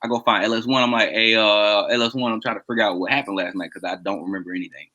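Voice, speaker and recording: A man with a bright, forceful voice spins a rowdy story for his friends in casual chat. He laughs a lot between lines and voices the people in his tale. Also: on the low side, fast talker, dull audio. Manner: animated, laughs often, acts out quoted dialogue. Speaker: podcast co-host telling a story.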